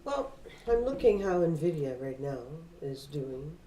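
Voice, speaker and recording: A woman's voice: sits low, very animated, slow, warm tone. A woman trading alongside the host, chiming in with brief casual reactions. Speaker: co-trader on stream. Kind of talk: casual chat. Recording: roomy echo, distant, faint noise.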